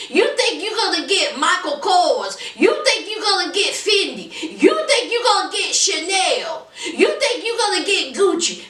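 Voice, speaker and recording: Sassy, bright-voiced woman recapping. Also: high-pitched. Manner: sassy, dramatic, teasing. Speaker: reality TV reviewer. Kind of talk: casual recap commentary. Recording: roomy echo, distant from mic.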